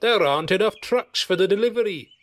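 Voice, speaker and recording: A man's voice: sits high, expressive, brisk, voice pushed up. A man playing a harried male yard manager who speaks in a flustered, insistent way. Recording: loud background music.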